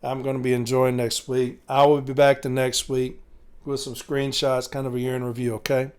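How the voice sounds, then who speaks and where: A man's voice: mid-range voice, little pitch movement, normal speed, darkish tone, clear, resonant tone. A man hosting a podcast, giving a casual, folksy sign-off to his listeners. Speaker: podcast host.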